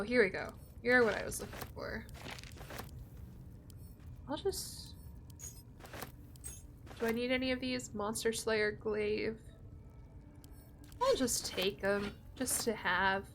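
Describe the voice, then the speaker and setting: A woman's voice: medium pitch, steady tone, takes it slowly, long pauses, fairly bright tone, a little hiss or hum. A young woman streaming a game, chatting casually with her viewers and swearing freely. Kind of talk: casual gameplay commentary.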